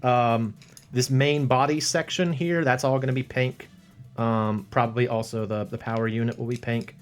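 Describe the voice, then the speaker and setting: A man's voice: medium pitch, steady tone, normal speed. A man hosting a live stream while he paints a model, thinking aloud, rambling and chuckling to himself as he talks to his viewers. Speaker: livestream host painting a model. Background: faint background music.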